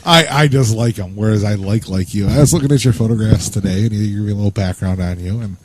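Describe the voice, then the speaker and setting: A man's voice: on the low side, fast talker. A man co-hosting a radio talk show, asking questions in a rambling, joking way and often laughing. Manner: rambling, laughs at his own jokes. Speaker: radio co-host. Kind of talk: playful radio banter.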